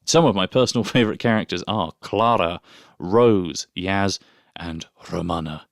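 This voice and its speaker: A young man with a low, deep voice co-hosts a casual podcast and often reads passages aloud. He laughs easily. The sound is dry and close, with no room echo. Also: moderate pace, vocal fry. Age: young adult. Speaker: podcast co-host. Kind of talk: casual chat, reading aloud.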